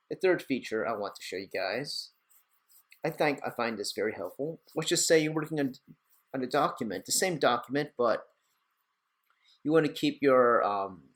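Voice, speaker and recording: A young man hosting a casual screen-recorded software tutorial, chatty and rambling with self-deprecating asides. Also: mid-range voice. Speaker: tech tutorial host.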